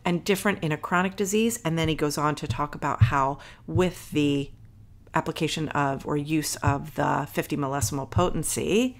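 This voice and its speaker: A woman with a somewhat low voice co-hosts a podcast. She explains things at length in a casual, digressive way and reads passages aloud. She stops now and then to correct herself. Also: moderate pace. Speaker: podcast co-host. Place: Philadelphia area.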